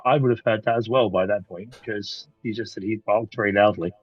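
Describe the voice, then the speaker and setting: A man playing in a tabletop game, brisk and assertive, on a dull lo-fi recording. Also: lowish voice, breathy edge, no echo. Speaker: player. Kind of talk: casual tabletop play. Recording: dull lo-fi sound.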